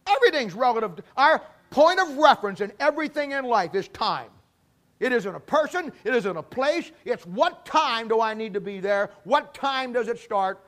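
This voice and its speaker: A man's voice: very high-pitched, animated, moderate pace, fairly bright tone. A man preaching a sermon in a folksy storytelling way, acting out little dialogues. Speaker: pastor.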